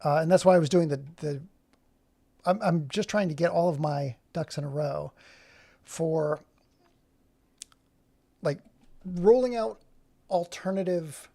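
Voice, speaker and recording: Brief: male streamer, gravelly voice, rambling, keeps cutting himself off mid-thought. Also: fairly high pitch, measured pace, pauses often, dark tone. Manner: rambling, self-interrupting. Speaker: livestream host. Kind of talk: casual livestream chat.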